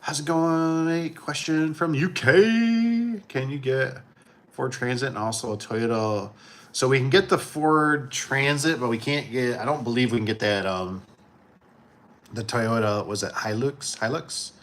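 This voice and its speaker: A man from Michigan hosting a casual livestream, talking in a relaxed, rambling way and chuckling often. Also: mid-range voice, moderate pace. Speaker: livestream host.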